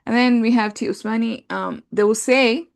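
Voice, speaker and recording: A woman teaching an Arabic grammar class, talking through translations in a relaxed conversational way with many fillers. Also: fairly high pitch, normal speed, gravelly. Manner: explains patiently, thinks aloud with many fillers; reads translations aloud and compares them.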